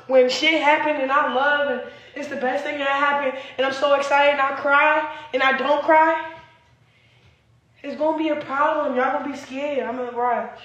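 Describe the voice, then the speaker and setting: A woman's voice: sits high, a bit bright, echoey room, muffled recording. A young woman in a rambling, agitated and profane livestream rant, recorded on a phone.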